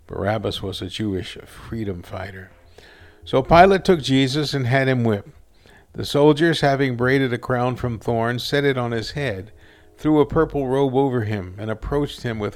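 Man reading scripture, steady, earnest, gravelly, mid-pitched. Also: moderate pace. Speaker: scripture reader.

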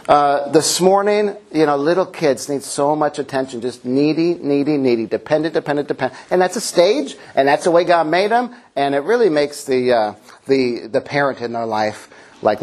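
A middle-aged man preaching a humorous sermon in a church, playful, sometimes acting out a child's shouts. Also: medium pitch. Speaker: pastor.

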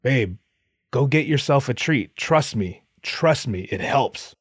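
A man voicing an excitable, stir-crazy male artist husband who talks in a pushy, profane, wheedling way. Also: medium pitch, slow, husky, no room sound, studio quality. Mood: coaxing.

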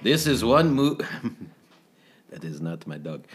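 A man's voice: on the low side, takes it slowly, pauses often, faint music behind. Joking man reading reviews in mock accent. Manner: jokey, deadpan reading, breaking into laughter. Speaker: podcast co-host. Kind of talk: casual chat, reading reviews aloud in a mock French accent.

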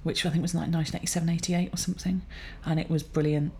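Brief: woman, 40s, lowish voice, rambling chatty co-host, laughs at her own tales. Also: level tone, racing, warm tone, slight background noise. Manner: rambling, self-amused storytelling with fillers. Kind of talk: casual chat.

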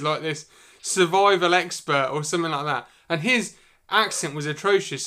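A man's voice: on the high side, bright, forceful tone, clean tone. A man co-hosting a podcast, chatting casually and telling stories with repeats and fillers. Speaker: podcast co-host. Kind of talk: casual chat.

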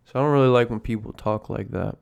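Sipping coffee at home, this podcast host talks fast in a medium-pitched voice that's creaky, smooth and a bit dark. He rambles easily through the casual chat and can't stop cursing.

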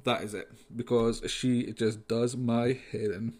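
A man's voice: mid-range voice, flat delivery, measured pace, darkish tone. Sarcastic rambling man. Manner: sarcastic, rambling, many fillers. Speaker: podcast host. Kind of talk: comic ranting monologue.

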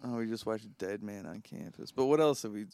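A young man co-hosting a comedy podcast, dropping crude deadpan punchlines in casual banter. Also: lowish voice, a little fast, clear, resonant tone, no room sound. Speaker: podcast co-host.

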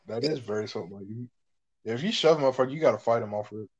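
A young man talking loosely and profanely in a casual chat. He rambles through his stories with lots of slang, and his voice sits at an ordinary middle pitch. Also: very fast, muffled recording.

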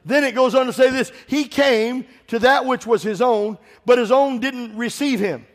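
A man preaching a sermon in a church, impassioned and swelling into shouts, putting direct questions to the congregation. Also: extremely high pitch, normal speed. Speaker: pastor.

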